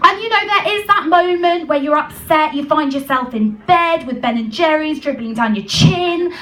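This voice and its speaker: A woman's voice: high voice, moderate pace, a bit bright, distant mic. A young woman telling a chatty, self-mocking stand-up story, full of "like" and "um". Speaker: stand-up comedian.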